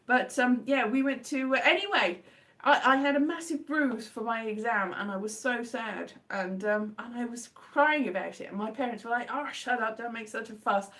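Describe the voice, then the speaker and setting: Brief: higher-pitched woman, rambling anecdotal live-stream chatter, mic set a little back. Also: normal speed, recorded from a distance. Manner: rambling, anecdotal, with many restarts and self-corrections; animated, jumps into high-pitched acted exclamations. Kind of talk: casual live stream chat.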